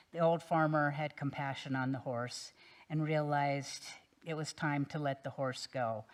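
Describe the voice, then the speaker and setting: A woman minister telling a parable during a sermon in a relaxed, gentle storytelling manner. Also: low voice.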